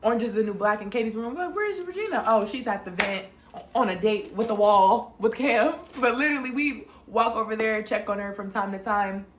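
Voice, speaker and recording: Young woman vlogger, casual storytime, slangy and animated, mid pitch, roomy echo. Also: a little fast, background noise. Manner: animated, slangy, acts out quotes in a high voice. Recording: echoey room.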